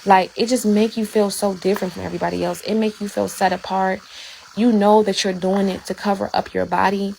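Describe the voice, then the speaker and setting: Woman livestreamer, preachy faith testimony, rough gravelly texture, fervent and direct. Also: medium pitch, slight background noise, rough recording. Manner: fervent, repetitive, talks straight to viewers.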